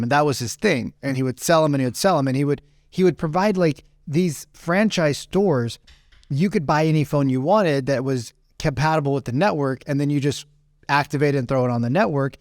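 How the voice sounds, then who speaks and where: A man's voice: fairly high pitch, a little mellow, no echo, studio quality. A man around forty telling a rambling business story in a casual talk and keeping on asking "right?". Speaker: business speaker.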